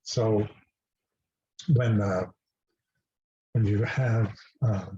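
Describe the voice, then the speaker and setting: Low-voiced man telling a halting story. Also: steady tone, dark tone. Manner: halting, many restarts and fillers. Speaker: guest speaker. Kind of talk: personal storytelling talk. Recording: dull lo-fi recording.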